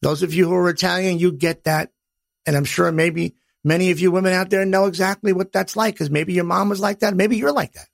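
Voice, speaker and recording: A middle-aged man hosts a podcast in a blunt, profane wise-guy manner. His voice sits high for a man and has a gravelly rasp. The sound is dry and close to the mic. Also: fairly even intonation, fairly quick, dry recording. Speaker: podcast host. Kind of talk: personal podcast monologue.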